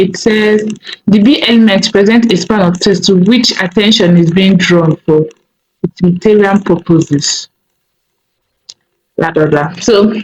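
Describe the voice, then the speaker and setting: A woman walks through a coding lesson at an unhurried, halting pace, often pausing to think aloud and correct herself. Her pitch sits in a middle register. Faint background hiss and keyboard clicks run under her voice. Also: darkish tone, dull audio. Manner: slow, thinking aloud with many fillers. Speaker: coding tutor. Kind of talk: screen-recorded coding tutorial.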